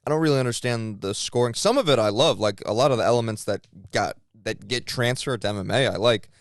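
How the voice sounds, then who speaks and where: A man's voice: medium pitch, fast talker, no room sound, studio quality. A man co-hosting a podcast, talking in a loose, rambling, profane way with lots of fillers. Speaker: podcast co-host. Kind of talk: casual chat.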